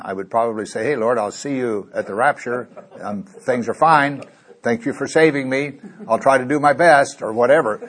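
Husky middle-aged guy from missouri preaching a bible study, reads verses out loud and throws questions at the room. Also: mid-range voice. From Missouri, USA. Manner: reads scripture aloud with rising emphasis, asks the room questions. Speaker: pastor.

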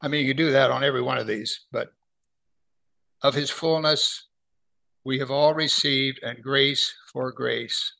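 Middle-aged man, preacher, bright raspy-edged voice, conversational Bible teaching, rhetorical questions, slow scripture reading. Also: mid-range voice, fairly even intonation. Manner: slows right down to read scripture aloud.

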